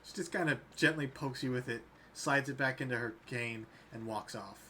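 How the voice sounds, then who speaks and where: A man's voice: medium pitch, normal speed, bright, forceful tone, a little hiss or hum. A man narrating as dungeon master in a tabletop game, laid-back and easygoing in tone.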